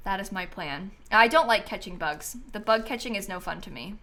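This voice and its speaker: A woman game streamer chatting casually with her viewers as she plays, thinking aloud and often breaking into excited squeals and laughs. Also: mid-range voice, a little fast. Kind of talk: casual live-stream chat while playing.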